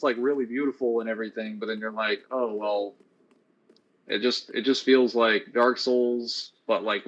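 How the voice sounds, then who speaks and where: A man's voice: medium pitch, fairly bright tone, rough recording. A young man playing a video game on stream, chatting in a laid-back way and sharing opinions about games. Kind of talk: casual gaming stream chat.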